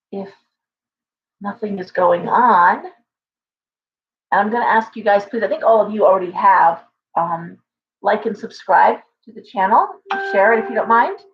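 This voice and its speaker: A woman who owns a shop, hosting a live stream and telling stories in a rambling way, often stopping and starting over. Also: medium pitch. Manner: rambling, storytelling with halting restarts. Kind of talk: casual livestream chat. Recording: dull lo-fi stream audio.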